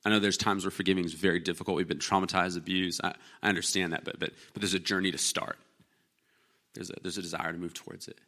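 A man preaching from the pulpit in a loose, conversational way. His voice is bright and forward, and he slips into little acted-out voices for the people he describes. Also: low voice, fast. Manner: conversational, animated, acts out quoted voices. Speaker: pastor. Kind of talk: sermon.

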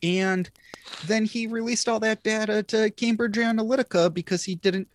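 A podcast host in their thirties chatting casually, animated and ranting, with some swearing. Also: mid-range voice, moderate pace. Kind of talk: casual chat.

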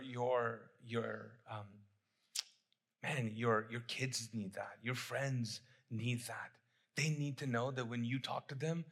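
A man's voice: mid-range voice, a bit bright, slightly rough. A middle-aged man preaching a sermon as pastor, talking conversationally, repeating phrases and putting questions to the congregation.

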